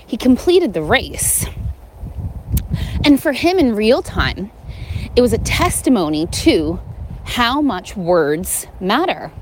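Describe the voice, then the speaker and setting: A woman's voice: medium pitch, a little mellow, a little hiss or hum, poor audio. A woman giving a casual motivational talk, earnest and emphatic, repeating words for stress.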